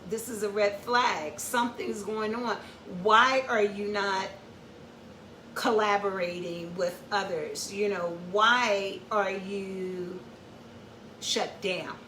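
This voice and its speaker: Her mid-range voice has a fairly bright tone as she leads an informal educational talk, sounding distant in an echoey room with a bit of hiss or hum. She goes step by step, says things more than once, and regularly checks in with "okay?"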